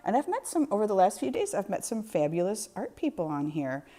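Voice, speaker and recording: A woman's voice: mid-range voice, big pitch swings, fairly quick, dark tone. A woman chatting casually on a live art stream, laughing often and talking to her chat by name.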